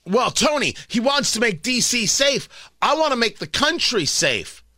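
A middle-aged male talk radio host with a high, bright voice that leaps all over the place. He rants sarcastically and picks fights, dropping to mutters and then bursting out loud. The studio sound is dry and close. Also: sing-song, moderate pace, dry recording. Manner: sarcastic, combative, swings between mutters and loud mock outbursts. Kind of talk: opinionated talk radio monologue. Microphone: studio broadcast mic.

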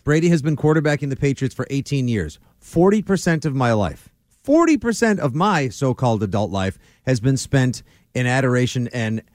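A man's voice: mid-range voice, animated, normal speed, a little mellow, no echo. A man in his forties co-hosting a sports radio show, with a wry, dry humor. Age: 40s. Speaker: radio co-host.

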